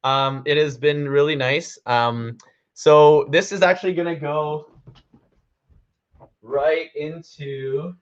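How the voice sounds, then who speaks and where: A man's voice: on the high side, fairly even intonation, takes it slowly, slight background noise. A young man chatting playfully in a casual vlog and reading his own writing aloud. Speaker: vlogger. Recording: slightly dull lo-fi sound.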